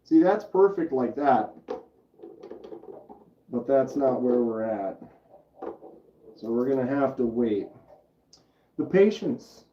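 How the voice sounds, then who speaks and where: A man's voice: medium pitch, takes it slowly, pauses often, roomy sound, far from the mic, dull audio. A man hosting a casual livestream at home, chattily explaining each step and answering the chat aloud. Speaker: livestream host.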